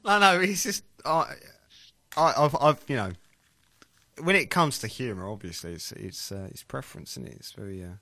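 A man's voice: mid-range voice, lively intonation, normal speed, vocal fry, sharp tone, dry recording. A man hosting a casual talk show, giving brief, hesitant replies. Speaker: podcast host. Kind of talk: casual chat.

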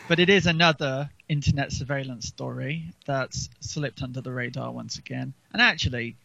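A man co-hosts a casual podcast chat, his voice gravelly with fry. He rambles and restarts, filling gaps with ums. The recording is dull and lo-fi, and the room sounds dry. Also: medium pitch, normal speed, bright, forceful tone, no echo. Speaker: podcast co-host.

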